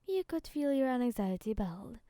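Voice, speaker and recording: A woman calmly narrates a second-person fan story in a soft, even reading voice. Her voice is fairly high with a dark, mellow tone. The sound is close and dry. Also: unhurried, no room sound.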